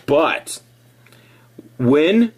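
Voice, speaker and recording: Man, middle-aged, casual rant, sarcastic, lively pitch, slightly high voice. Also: drawn-out words. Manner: animated, laughing asides, mock-cheerful impressions. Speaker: ex-member giving opinions.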